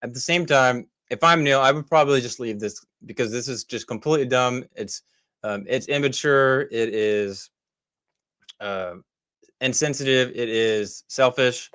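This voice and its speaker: A man's voice: medium pitch, a little slow, fairly bright tone, clean tone, dry recording, studio quality. A man giving casual commentary over clips, rambling with many fillers and restarts, critical and exasperated. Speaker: commentary host.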